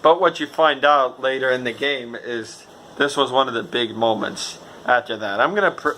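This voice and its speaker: A man's voice: medium pitch, normal speed, sharp tone, slight background noise. A man with a stuffy nose giving a rambling, casual game review, swearing and correcting himself.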